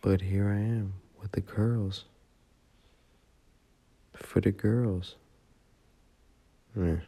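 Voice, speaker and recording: A man's voice: on the low side, fairly even intonation, drawn-out words, creaky, mellow, slightly rough. A drunk man rambling into his phone, profane and heartfelt. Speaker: voice memo rambler.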